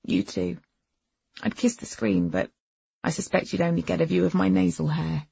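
Very husky woman narrating. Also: lowish voice, brisk, dry recording, muffled recording. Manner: expressive, lively first-person storytelling. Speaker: audiobook narrator. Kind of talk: first-person audiobook narration.

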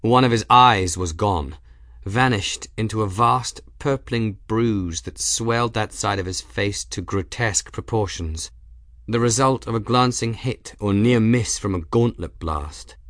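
Male audiobook narrator, low register, even measured delivery, dry booth. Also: dry recording. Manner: steady measured reading, voicing characters in quotes. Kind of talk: scripted narration.

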